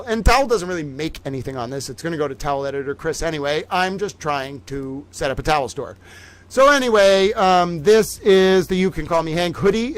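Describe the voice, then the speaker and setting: A man with a high, smooth voice hosts a livestream, chatting animatedly with viewers in a playful, theatrical showman style. The recording is low quality but has no echo.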